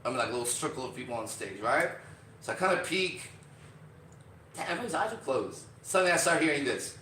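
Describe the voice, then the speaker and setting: A man with a slightly high voice tells a story in a loose, cursing, animated way, switching into the voices of the people in it. He sits some way back from the microphone, so the room rings around him. A faint hiss sits underneath. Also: fast talker. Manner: profane, animated, acts out quotes. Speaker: podcast host. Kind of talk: casual storytelling. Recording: roomy, distant from mic.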